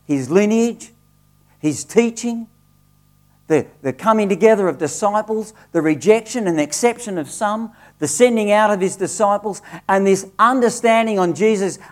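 A male preacher with a fairly high voice speaks in a relaxed, conversational sermon style, repeating and restarting short phrases as he explains the text. When he reads scripture aloud he turns slow and earnest. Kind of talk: sermon with Bible reading.

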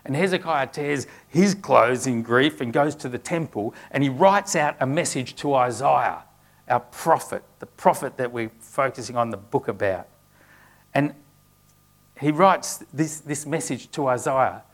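A man's voice: medium pitch, measured pace. A man preaching a sermon, earnest, with frequent restarts as he works through a scripture passage.

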